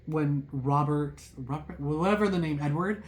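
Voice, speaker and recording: With a medium pitch and normal speed, a tarot reader chats directly to viewers in a casual reading. She's excitable and her thoughts race, so the delivery rambles, leaning heavily on "like" and apologetic asides.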